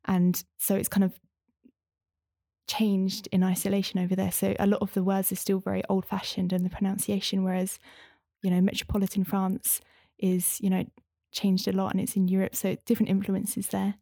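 A woman's voice: medium pitch, completely flat delivery, moderate pace, gravelly, mellow, no room sound, studio quality. A young woman in casual conversation, talking in a chatty, rambling way with many fillers. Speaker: interview guest, former language student.

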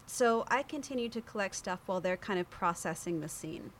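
A woman in a relaxed interview tells a story with lots of energy. She acts out other people's lines and laughs as she talks. Her voice is mid-pitched, with a faint noise in the background. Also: a little fast, hardly any pauses. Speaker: podcast guest.

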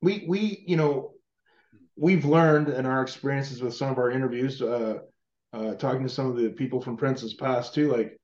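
A man's voice: medium pitch, darkish tone, dull audio. Rambling male host in an echoey room. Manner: rambling, halting, many "uh"s and restarts. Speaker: podcast host, interviewer. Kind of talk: casual interview questions.

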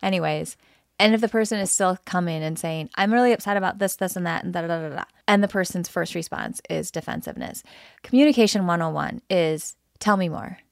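A woman's voice: on the low side, brisk, creaky, no echo, studio quality. A woman co-hosting a podcast, talking frankly and emphatically with her partner, often repeating phrases for stress. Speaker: podcast co-host. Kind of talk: candid couple conversation.

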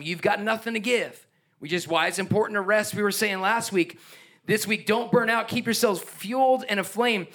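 A pastor delivering a sermon with emphatic, energetic preaching. His voice sits fairly high for a man, and he drops into playful asides with a chuckle.

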